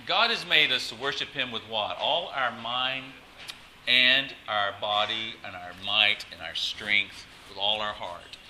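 A man pastor giving a lively sermon at a church service, coaxing the congregation to join in. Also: lowish voice, measured pace, a little hiss or hum, rough recording.

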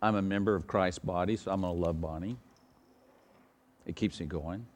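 A middle-aged pastor preaching a sermon, asking the congregation rhetorical questions and swinging from loud emphatic outbursts to quiet storytelling. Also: male voice, normal speed. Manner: preaching with sudden loud high bursts, then quiet anecdotes.

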